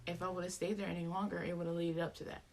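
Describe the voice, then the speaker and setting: A woman co-hosting a podcast in casual chat, speaking candidly and haltingly with frequent restarts. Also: fairly low pitch, flat delivery, darkish tone, a little hiss or hum. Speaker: podcast co-host.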